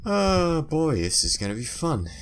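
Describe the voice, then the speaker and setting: A man giving chatty let's-play commentary, muttering to himself and breaking into excited squeals. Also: a little high, a little slow, a little hiss or hum. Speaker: gameplay commentator.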